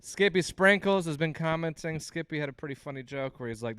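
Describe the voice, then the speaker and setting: A man's voice: a little high, expressive, a little fast, fairly bright tone, clean tone, dry recording. Self-mocking man doing stand-up, dry sound. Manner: self-deprecating, rambling, laughs at own jokes. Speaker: stand-up comedian hosting a livestream. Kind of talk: stand-up set on a livestream.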